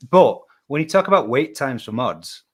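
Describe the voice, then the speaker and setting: A man joining a live chat show over a video call, talking in loose, sweary banter. He gets worked up fast and pushes back loudly when teased. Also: mid-range voice, husky. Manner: sweary, excitable, quick to get worked up. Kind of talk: casual banter.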